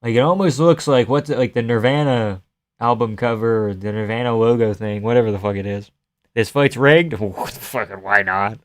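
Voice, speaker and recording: A man's voice: mid-range voice, normal speed. A man live-streaming casual commentary on a fight, offhand and joking, swearing freely.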